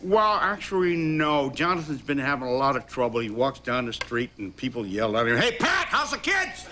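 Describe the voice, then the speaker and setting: A man in his sixties, an actor guest telling animated stories with chuckles on a talk show. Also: medium pitch, fairly quick, a little hiss or hum.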